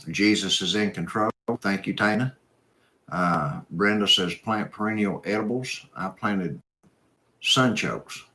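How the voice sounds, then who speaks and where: A man's voice: sits low, a bit bright. A man hosting a live stream, reading viewer comments and chatting in an easygoing, folksy, rambling way. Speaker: host.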